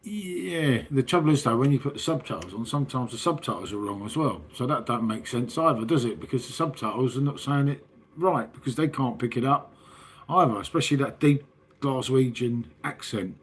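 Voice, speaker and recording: A man's voice: medium pitch, animated, a little fast, breathy edge. A man with a southern English accent, chatting casually and rambling to his livestream viewers, full of tag questions and "mate". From southern England. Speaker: livestream host. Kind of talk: casual chat with live chat.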